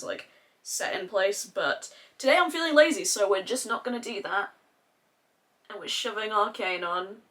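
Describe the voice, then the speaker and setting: A woman's voice: mid-range voice, fairly bright tone. Chatty swearing woman, Aussie-English accent. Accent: mix of Australian and English. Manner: chatty, swears freely, rambling tangents. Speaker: beauty vlogger. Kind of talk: casual makeup tutorial chat.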